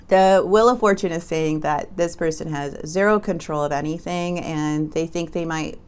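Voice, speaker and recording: A woman's voice: lowish voice, darkish tone. A woman giving a casual tarot reading to her viewers, chatty and emphatic, often stumbling and restarting her sentences. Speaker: tarot reader.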